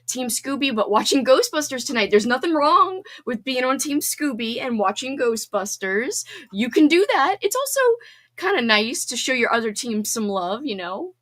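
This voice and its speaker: Woman, livestream host, casual chat from home; bubbly, fairly high voice with a lot of pitch movement. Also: very animated, a bit bright. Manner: bubbly and chatty, quick laughs and squeals. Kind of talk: casual chat reading out viewer comments.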